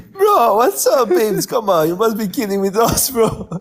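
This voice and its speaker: A man chatting as a guest on a live stream, animated and laughing, throwing in bro at every turn. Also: high-pitched, measured pace, slightly rough. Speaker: panel guest. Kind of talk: casual livestream chat.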